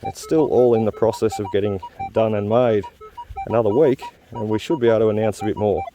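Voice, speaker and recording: A metal-detecting channel host chats casually in an outdoor field, his fairly low voice moving a little fast over background music. He laughs easily and fills his talk with plenty of "uh"s.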